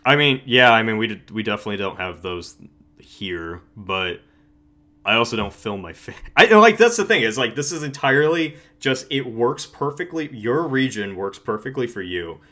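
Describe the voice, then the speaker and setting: A man's voice: medium pitch, animated, moderate pace, pushed and bright. A young man hosting a casual livestream chat, rambling with many restarts and frequent laughs. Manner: rambling, self-interrupting, laughs often. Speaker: channel host.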